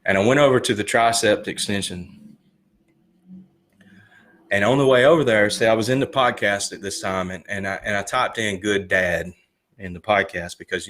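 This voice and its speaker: A man in his thirties, a former student pastor, telling his personal story earnestly, with loud animated peaks and soft slow confessional stretches. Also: low-pitched. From Alabama. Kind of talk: personal testimony talk.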